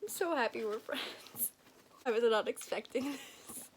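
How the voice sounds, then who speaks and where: A woman's voice: a little high, lively intonation, unhurried, slight background noise. A young woman book vlogger chatting casually and gushing as she unboxes gifts, giggling often.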